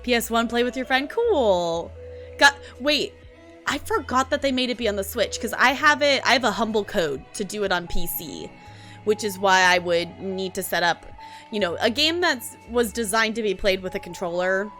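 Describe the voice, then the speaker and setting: A woman's voice: medium pitch, expressive, normal speed. A young woman, chatting casually with her stream audience, rambling with lots of fillers and restarts. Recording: faint background music. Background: soft lo-fi music.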